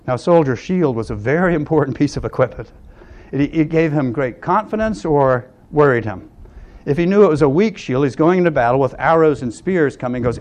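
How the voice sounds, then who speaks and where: An older man preaching a sermon, earnest, often dropping to a hush on key lines. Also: fairly high pitch, lively intonation, moderate pace. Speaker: pastor.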